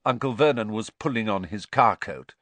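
A man reading a story aloud with an expressive, lively delivery. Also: fairly low pitch, moderate pace, no echo. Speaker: audiobook narrator. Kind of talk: scripted storybook narration.

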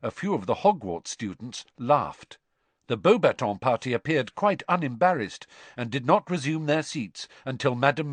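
A man narrating an audiobook chapter in a measured, expressive storytelling manner. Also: on the low side, no room sound. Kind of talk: scripted narration.

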